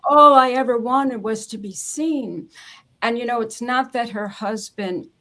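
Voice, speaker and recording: A woman's voice: a little high, measured pace. A woman who works as a memoir ghostwriter, telling a heartfelt client story in a casual interview. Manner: earnest, emotional storytelling with soft laughs. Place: home office on a video call.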